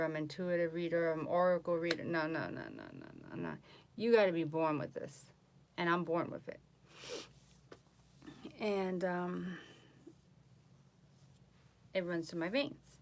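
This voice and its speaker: A woman tarot reader chatting casually on a live stream from home, boastful and animated, mocking others in voices. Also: on the low side, a little hiss or hum.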